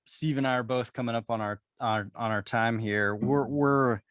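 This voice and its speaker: A man's voice: medium pitch, fairly even intonation, normal speed, no room sound, clean studio sound. Upbeat male podcast co-host. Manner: warm, upbeat wrap-up. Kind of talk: casual conversation.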